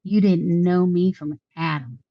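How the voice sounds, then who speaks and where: A woman with a lowish voice playing a tabletop game, nervous and jokey as she talks. The sound is dry and a bit dull and lo-fi. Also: steady tone, measured pace, dry recording. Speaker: player. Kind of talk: tabletop role-play chat.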